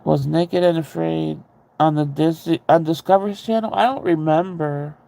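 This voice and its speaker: A man chatting casually with viewers, rambling and candid, with a ready laugh and a gravelly voice. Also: fairly high pitch, fairly even intonation, moderate pace, dark tone. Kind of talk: casual chat.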